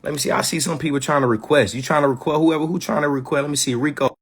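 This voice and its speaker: A man's voice: fairly high pitch, steady tone, rapid-fire, slightly rough. A man hosting a live community gathering, talking passionately with a lot of slang, swearing and repeated phrases. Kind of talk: casual live-stream talk.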